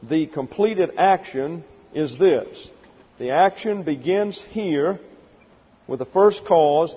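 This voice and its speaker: A man's voice: on the high side, husky, big-room sound, dull audio. A man preaching as a pastor, working through numbered points in a methodical Bible lesson with dry asides. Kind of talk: expository Bible teaching.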